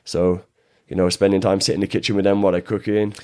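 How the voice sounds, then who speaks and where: A man's voice: low-pitched, little pitch movement, fast talker, a little mellow. A British man in casual podcast conversation, rambling with many restarts and fillers. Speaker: guest, jiu-jitsu coach.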